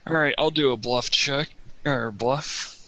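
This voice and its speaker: A man playing a tabletop game, animated and joking. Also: medium pitch, unhurried, rough recording. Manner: animated, jokey. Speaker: player. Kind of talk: casual tabletop play.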